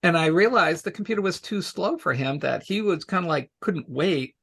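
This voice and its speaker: A man's voice: a little high, moderate pace, creaky, a bit bright, husky. A man telling stories from his work in a casual interview, chatty and laughing often. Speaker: special education technology guest.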